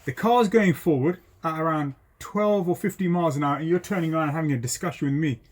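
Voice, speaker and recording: A man, a driving instructor telling a story in a lively way, full of ums and acted-out voices. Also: on the high side, fast talker. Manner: animated, acts out voices, many ums. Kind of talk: casual storytelling.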